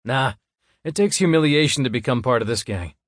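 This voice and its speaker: Male reader as a teasing coworker nurse, jovial, lifted pitch. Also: expressive, fairly quick, no room sound, clean studio sound, lightly acted.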